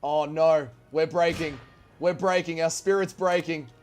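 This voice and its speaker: Male game streamer, high voice, loud swearing play-by-play, faint music under. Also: unhurried. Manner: excitable, swearing, shouting orders and cheers. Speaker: gaming streamer. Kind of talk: live strategy-game commentary.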